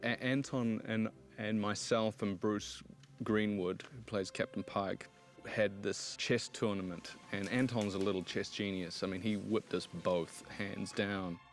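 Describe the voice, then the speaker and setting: A man's voice: lowish voice, fairly even intonation, unhurried, faint music behind. Amused male actor telling anecdotes. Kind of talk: interview for a behind-the-scenes featurette.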